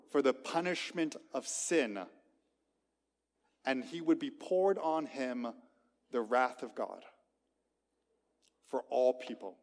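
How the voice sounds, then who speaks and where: A man preaching a sermon to a gathered congregation, emphatic, with sharp swings between loud and quiet. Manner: emphatic, dramatic swings in loudness and pitch. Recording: long reverb of a large hall.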